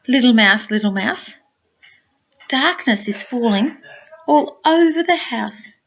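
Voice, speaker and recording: Older grandmother reading to a small child; gentle, sing-song, unhurried, higher voice. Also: lively intonation, muffled recording. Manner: gentle, sing-song storytelling with soft asides. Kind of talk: reading a picture book aloud to a small child.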